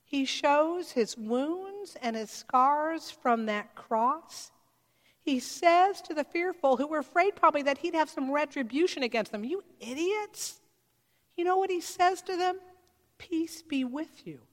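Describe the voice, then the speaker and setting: A woman's voice: high-pitched, animated, unhurried, in a large hall. A woman pastor giving a sermon in a church, talking conversationally and putting rhetorical questions to the congregation.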